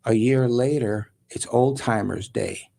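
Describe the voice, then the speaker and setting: A man guest on a talk show, telling a story in a lively way and acting out other people's voices. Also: medium pitch, unhurried, creaky.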